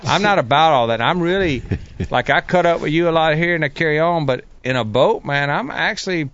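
A man, a pro bass angler chatting casually and acting out the voices in his head as he tells stories. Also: fairly quick, muffled recording. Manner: animated storyteller who acts out voices in his head. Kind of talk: casual chat.

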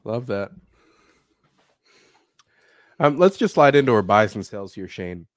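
A man with a low voice that swings up and down a lot, bantering with jokes in a casual podcast chat. He sounds a bit low on energy. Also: big pitch swings, a little slow. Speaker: podcast co-host.

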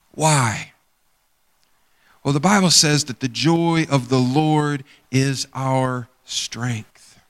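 A man's voice: a little high, takes it slowly, fairly bright tone. A man preaching a sermon, rambling and conversational, acting out the people in his stories. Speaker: pastor. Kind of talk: sermon with storytelling. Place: church sanctuary. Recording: long hall reverb.

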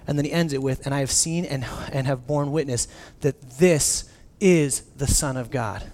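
A man in his thirties preaching a sermon, telling stories with lively restarts. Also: mid-range voice, moderate pace. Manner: animated storytelling with many restarts. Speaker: pastor.

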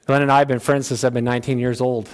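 Man, pastor, sermon, plain-spoken, folksy, loud high bursts, quiet low asides, mid-pitched voice. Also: level tone, quick pace, clean tone.

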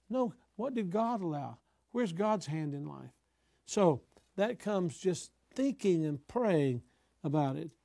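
An older man, a pastor, teaching other preachers in an emphatic style that breaks into sudden loud exhortations. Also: high-pitched, no room sound, clean studio sound.

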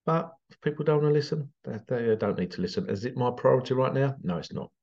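A man's voice: medium pitch, fast talker. Man telling a story, muffled audio. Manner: animated, conversational, acts out quotes. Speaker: vlogger. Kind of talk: casual storytelling monologue.

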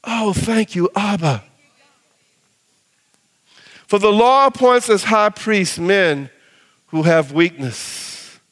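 A man preaching a sermon as pastor, animated, acting out little voices in his quotes, then dropping low and soft to read scripture. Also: takes it slowly, pauses often, big-room sound. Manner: drops to a low soft voice when reading scripture.

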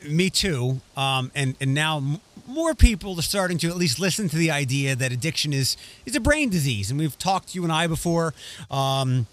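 Chatty man with a slightly high voice. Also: animated, moderate pace, a bit bright. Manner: rambling, restarts often, reads news excerpts aloud. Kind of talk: casual discussion podcast.

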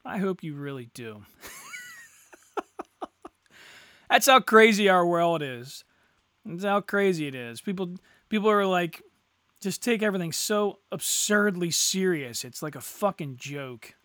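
A man's voice: high-pitched, animated, measured pace, long pauses, a bit bright, dry recording, clean studio sound. A middle-aged man hosting a solo podcast, ranting crudely and sarcastically with heavy swearing. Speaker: podcast host. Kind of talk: profane solo rant.

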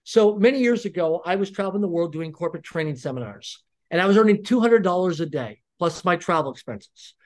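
A man's voice: high-pitched, a little fast, few pauses. A middle-aged man, a podcast guest, telling a story with lots of energy and acting out the dialogue in it. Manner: animated, acts out quoted dialogue.

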